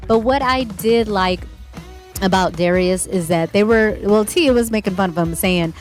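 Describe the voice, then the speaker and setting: A woman's voice: mid-range voice, normal speed, soft background music. A woman giving a casual, rambling commentary as she reviews a show, full of hedging asides.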